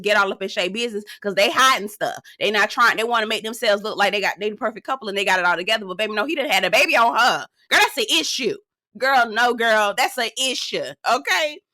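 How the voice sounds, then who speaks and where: A woman's voice: medium pitch, pushed and bright, no room sound, studio quality. A woman hosting a casual, sassy recap of a reality show, talking straight to her viewers.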